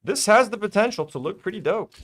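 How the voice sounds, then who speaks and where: A man's voice: sits high, expressive, brisk, a bit bright. A young man hosting a casual hobby vlog, chatty and self-delighted, full of fillers. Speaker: toy-building channel host.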